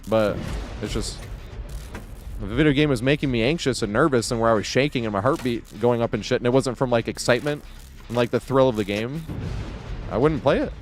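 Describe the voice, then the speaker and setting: A man streaming games and chatting casually, rambling with lots of fillers and quick laughs. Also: mid-range voice, a little hiss or hum. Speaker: game streamer. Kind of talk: casual live-stream chat.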